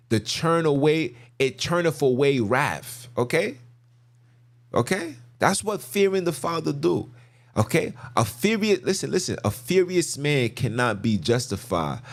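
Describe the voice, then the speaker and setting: A man hosting a podcast, preaching on scripture in an emphatic, slangy way, repeating phrases for stress. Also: medium pitch. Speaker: podcast host.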